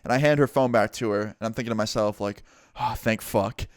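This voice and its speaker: A man's voice: lowish voice, quick pace, clear, resonant tone, no echo, studio quality. Young man telling a wild story. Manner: animated, casual, swearing storyteller. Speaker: vlogger. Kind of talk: storytime vlog.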